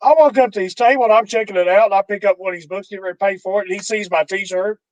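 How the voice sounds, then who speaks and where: A man's voice: sits high, fairly even intonation, very fast, darkish tone, no echo, low-quality recording. A man hosting a podcast in casual chat, telling a self-deprecating story with small chuckles. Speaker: podcast host.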